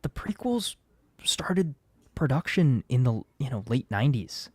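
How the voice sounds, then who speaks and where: A man joining a casual online chat, talking in a lively, animated way. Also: medium pitch, a little slow, breathy edge, dry recording.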